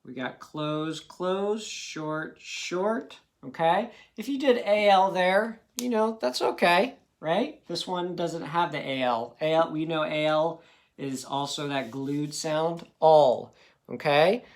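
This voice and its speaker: A man's voice: fairly high pitch, takes it slowly. A man teaching a children's phonics lesson, patiently sounding out words syllable by syllable.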